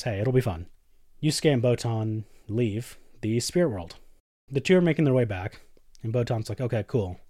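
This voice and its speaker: A man's voice: lowish voice, a little mellow, no echo, studio quality. A man hosting a podcast, casually recapping episodes and swearing often, jumping into characters' lines. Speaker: podcast host.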